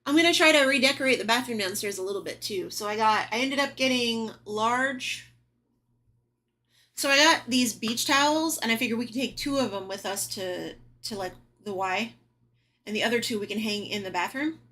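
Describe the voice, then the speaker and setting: A woman's voice: on the high side, normal speed, bright, forceful tone. A young woman chatting casually at home, sometimes cooing in baby talk to her cat. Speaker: vlogger. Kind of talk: casual home vlog chat.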